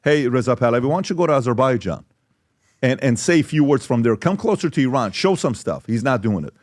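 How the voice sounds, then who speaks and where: A male podcast host making his case in emphatic, repetitive phrases. His pitch moves in a lively way around a middle register. The audio is dry and close. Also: quick pace, dry recording. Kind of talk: podcast discussion.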